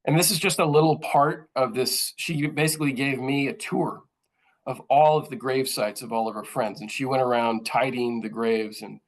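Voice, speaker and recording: A man speaks as a journalist presenting to colleagues, his voice sitting at an ordinary middle pitch. He talks in an earnest, thoughtful way, pausing on fillers and restarting phrases as he works through his points. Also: fairly even intonation, rough recording. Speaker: journalist speaking at a training session.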